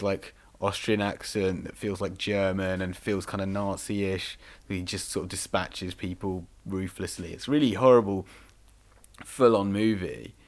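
Rambling deep-voiced man chatting about films. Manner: rambling, filler-heavy, enthusiastic. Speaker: podcast co-host. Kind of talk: casual film discussion.

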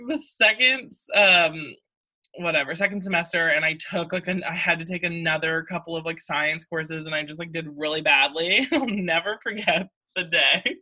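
A woman's voice: fairly low pitch, sharp tone. A young woman telling a long story in casual chat, rambling, saying "like" all the time and laughing often. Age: young adult.

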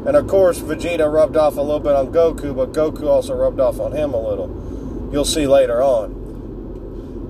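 A man's voice: mid-range voice, steady tone, moderate pace, noisy background. A man casually retelling a fan story, joking and swearing freely as he goes. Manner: laid-back, joking, swears freely, loses his words.

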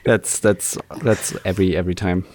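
A man's voice: low voice, fairly even intonation, moderate pace. A man from Austria co-hosting a podcast in casual chat, joking and self-deprecating. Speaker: podcast co-host.

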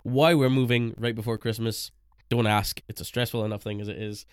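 Casting note: man, podcast co-host, smooth clear voice, dry close sound, chatty and laughing. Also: on the low side, fairly even intonation, brisk, dry recording. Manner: chatty, laughs often, rambling with fillers. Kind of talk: casual chat.

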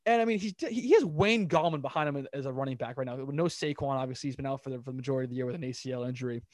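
A young man hosting a casual sports talk show, rattling off scores and rambling opinions in an animated way. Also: medium pitch, racing, no echo, clean studio sound. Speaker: podcast host.

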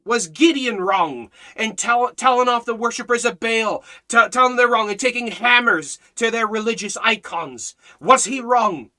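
A man preaching a fiery sermon, hammering rhetorical questions and swinging between loud exhortation and low, intense emphasis. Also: normal speed, hardly any pauses.

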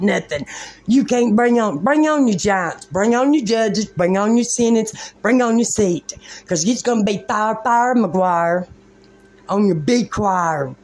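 A woman's voice: on the high side, a little mellow. A woman delivering a rambling religious monologue in a fervent, preachy way, using colloquial, folksy grammar.

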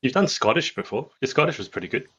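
A man's voice: mid-range voice, sing-song, fast, sharp tone, dull audio, a little hiss or hum. Chatty man with faint clicks behind. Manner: chatty, jokey, rambling with restarts. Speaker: podcast co-host. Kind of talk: casual chat.

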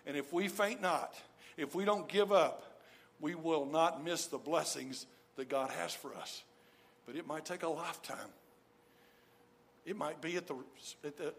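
A pastor with a drawl delivers his sermon with an emphatic, repeating cadence. His voice sits notably high for a man, and he leans hard on the words he wants to land. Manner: emphatic, repeats key phrases for stress.

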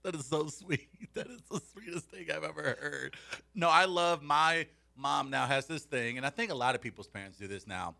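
Bright-voiced laughing male co-host. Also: a little high, normal speed, gravelly. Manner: laughs often, animated storytelling. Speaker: radio show co-host. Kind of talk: casual banter.

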